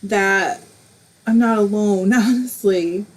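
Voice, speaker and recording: A middle-aged woman talks casually to her livestream viewers from a home craft room, her voice at an ordinary middle pitch. She sounds emotional and close to tears at times, then laughs it off and keeps going. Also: takes it slowly, low-quality recording. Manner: emotional, tearful at moments, laughing it off. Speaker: host of a live crafting stream. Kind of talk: casual livestream chat, reading comments aloud.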